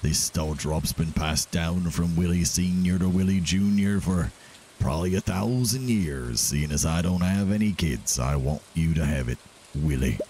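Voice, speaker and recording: A man voicing a folksy old male fisherman who talks in a slow, old-timer drawl. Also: sits low, darkish tone, slight background noise. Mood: folksy, sentimental.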